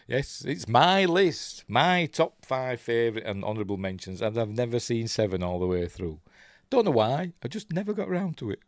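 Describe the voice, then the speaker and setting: Hosting a casual, rambling live-stream chat, an older Yorkshireman chuckles as he reads out viewer comments in his Yorkshire accent. He speaks at medium pitch with no room sound.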